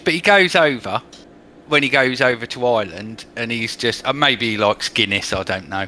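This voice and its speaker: A man's voice: medium pitch, normal speed, sharp tone, slight background noise. A man with an English accent in casual, blunt, joking chat as a podcast co-host. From England. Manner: blunt, swearing, bantering.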